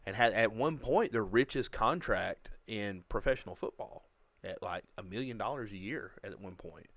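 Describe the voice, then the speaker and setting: Low-voiced man explaining sports. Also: animated, moderate pace, a bit bright, no echo. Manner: explains at length, self-mocking. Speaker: podcast co-host. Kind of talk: casual sports chat.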